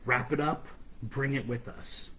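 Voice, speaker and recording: A man's voice: mid-range voice, fairly even intonation, a little slow, bright, forceful tone, slight background noise, low-quality recording. A man voicing a kind, loyal male mouse in a fairy tale, giving urgent, insistent warnings.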